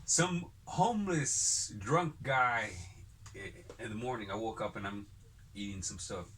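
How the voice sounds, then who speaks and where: A man's voice: lowish voice, animated, a little slow, a bit bright, slight background noise. A man hosting a casual podcast chat, telling long rambling stories full of cursing. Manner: rambling profane storyteller.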